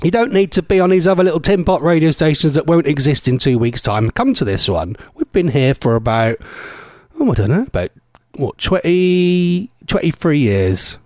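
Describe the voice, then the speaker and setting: Lively chatty male radio host. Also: medium pitch, no echo, studio quality. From England. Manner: chatty, rambling, self-mocking. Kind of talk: casual radio chat. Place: radio studio. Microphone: studio mic.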